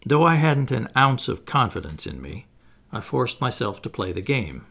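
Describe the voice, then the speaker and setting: A man narrates a classic novel in the first person, at a measured pace. His voice is gravelly, and his intonation moves widely through each sentence. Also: mid-range voice, sing-song, fairly bright tone. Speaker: audiobook narrator. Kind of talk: audiobook reading of a classic novel.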